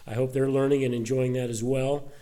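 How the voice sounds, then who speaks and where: A man preaching a sermon to his church, earnest and conversational, often pausing with uh and restarting his sentences. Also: mid-range voice, level tone, warm tone. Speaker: pastor. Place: church service.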